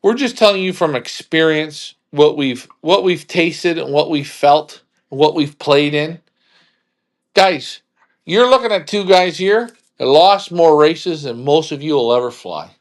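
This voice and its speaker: A man's voice: fairly high pitch, lively intonation, measured pace. A man hosting a casual chat in a blunt, emphatic way, swearing freely.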